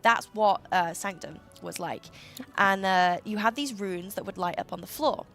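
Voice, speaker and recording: A woman co-casting a live game stream, telling stories in lively casual chat and laughing often. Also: medium pitch, moderate pace, soft background music. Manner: animated storyteller, laughs often. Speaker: co-caster.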